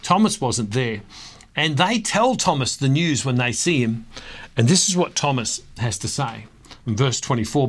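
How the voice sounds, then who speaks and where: A man's voice: medium pitch, expressive, moderate pace. A man hosting a devotional talk, reading scripture aloud and reflecting on it. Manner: reflective, reads scripture aloud with rising emphasis. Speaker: ministry host.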